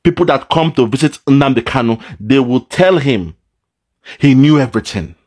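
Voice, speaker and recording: A man giving an impassioned commentary, swinging between loud outbursts and low, mournful asides. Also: lively intonation, normal speed. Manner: dramatic, swings between shouting and low lament. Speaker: political commentator. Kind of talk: impassioned monologue.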